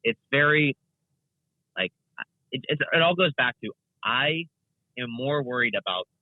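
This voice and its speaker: A young man talks in a rambling, animated way, full of fillers and restarts, his pitch swinging widely. The sound is dry and tinny, like a phone line, coming in over a remote call. He speaks as a guest in a casual interview. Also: unhurried, dry recording. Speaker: guest content creator.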